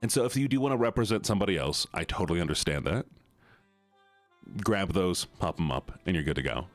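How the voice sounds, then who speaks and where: A man's voice: deep voice, lively intonation, fairly quick, dry recording, soft background music. A man chatting playfully and teasingly with his chat on a live stream.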